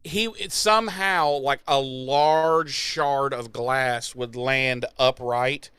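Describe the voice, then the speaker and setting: A man's voice: medium pitch, slow pace, a bit bright, clear, resonant tone, no echo, clean studio sound. A young adult man co-hosting a podcast, recapping an episode in casual, profane chat and acting out quotes in exaggerated voices. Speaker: podcast co-host.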